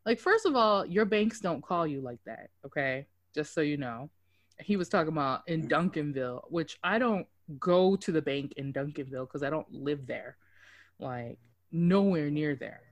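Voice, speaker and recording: A woman from the Dallas area talks through her day with friends on a podcast, cursing easily and acting out every phone call. Her voice sits a little low and sounds close and dry, with no room around it. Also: normal speed, no echo. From Dallas–Fort Worth area, Texas. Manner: profane, animated storyteller who acts out quotes. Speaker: podcast co-host. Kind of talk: casual chat.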